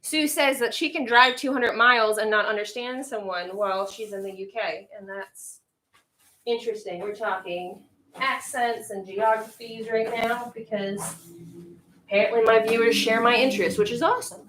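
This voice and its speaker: A woman from Central Virginia hosts a casual livestream from home, her voice sitting a little high. She chats easily with viewers, musing out loud and reading their comments back to them. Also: fairly even intonation, moderate pace, a little hiss or hum. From Central Virginia, United States. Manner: chatty, musing, reads chat aloud. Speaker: livestream host. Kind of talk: casual chat with live viewers.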